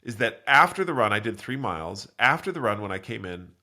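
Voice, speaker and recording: A man hosts his own motivational podcast while congested from a cold. His fairly low voice has a bright edge, and his pitch rises and falls in lively swoops. He rambles earnestly, stops to correct himself, and jumps way up in pitch when he acts out what people say. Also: a little fast. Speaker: podcast host. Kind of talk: solo motivational talk.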